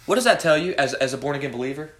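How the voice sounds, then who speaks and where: A man's voice: fairly high pitch, animated, rapid-fire, a bit bright. Man teaching a youth Bible study. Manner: preachy, asks the group questions, calls on students by name. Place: room with a student group. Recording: echoey room.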